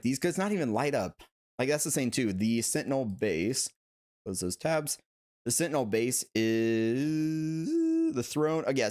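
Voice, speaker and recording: A young man with a mid-range voice chats casually on a livestream about collectible figures, reading out viewer comments. He's talkative, laughs often, and fills his speech with "like."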